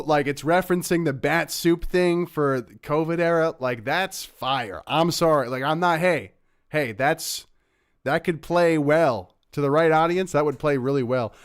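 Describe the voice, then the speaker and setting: A man's voice: fairly high pitch, a little slow, no room sound, clean studio sound. A man hosting a livestream, giving casual, sarcastic commentary on clips he plays, rambling with fillers. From Canada. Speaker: livestream host reacting to clips.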